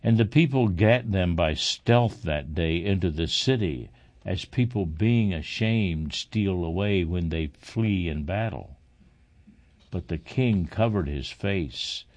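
A man reading an old scripture passage aloud in a measured, solemn way. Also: deep voice, darkish tone. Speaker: scripture reader.

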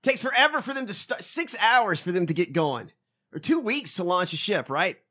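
A man co-hosting a podcast, animated and profane, reacting loudly and laughing often. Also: high-pitched, normal speed. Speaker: podcast co-host. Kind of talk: casual chat.

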